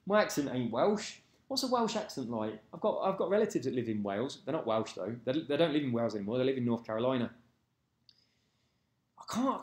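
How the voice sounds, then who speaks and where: A man's voice: mid-range voice, darkish tone. A man reading out comments in a blunt, sweary, casual rant. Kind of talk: casual ranting chat. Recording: roomy echo.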